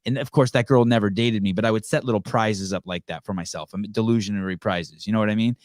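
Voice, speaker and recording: A man hosting a podcast in casual chat, excitable and swearing freely, often trailing off into fillers. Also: fairly low pitch, fast talker, no echo, studio quality. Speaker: podcast host.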